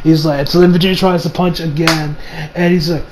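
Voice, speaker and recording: Excitable high-voiced man gushing over anime. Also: a little fast, noisy background. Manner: excitable, rambling, swears often, bursts of loud laughter. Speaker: anime reviewer. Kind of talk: casual reaction commentary.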